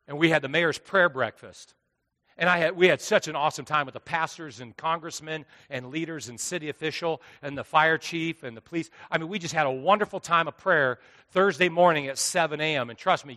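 A man preaching a sermon as pastor, swinging between hushed asides and loud, driving lines. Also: on the high side. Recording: long hall reverb.

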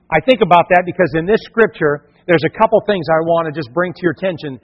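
A middle-aged male pastor preaching a lively sermon, acting out the voices he quotes. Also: a little high, quick pace, few pauses. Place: church hall. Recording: dull, long-reverb church hall.

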